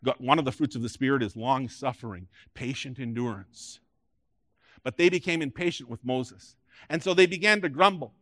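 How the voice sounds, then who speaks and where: A man preaching a sermon as pastor, rising loud and high on key points and dropping quiet for emphasis. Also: normal speed, dry recording, clean studio sound.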